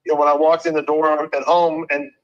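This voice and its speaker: A man in his fifties, a retired police officer, talking earnestly on a video call, halting and restarting his sentences often. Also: on the high side, little pitch movement, muffled recording. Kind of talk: casual talk show conversation.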